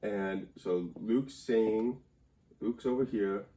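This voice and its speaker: A man plays a mock grammar teacher in a comedic whiteboard lesson, talking slowly in a low, mellow voice. He rambles in a wry, mock-serious way. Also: slight background noise. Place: indoor room by a whiteboard.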